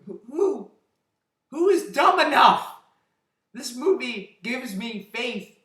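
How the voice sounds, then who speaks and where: A man's voice: very high voice, very animated, slow pace, pauses often, pushed and bright. A man giving a sarcastic, exasperated rant as an online movie reviewer. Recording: roomy echo.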